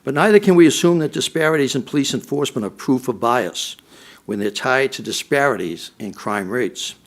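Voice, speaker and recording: A man's voice: mid-range voice, brisk. A middle-aged man, a former police chief, giving a prepared speech at a policy forum and repeating his points for emphasis.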